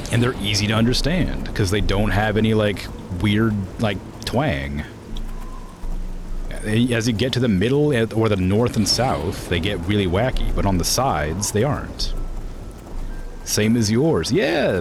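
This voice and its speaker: A man's voice: fairly low pitch, background noise. A young man from Florida streaming a game in casual, rambling chat, full of fillers and laughter.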